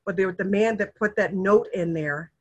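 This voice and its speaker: The recording sounds lo-fi, capturing a middle-aged woman's mid-range voice at a moderate pace. As a guest in casual talk, she shares her family history earnestly and emotionally, animatedly acting out the people she quotes.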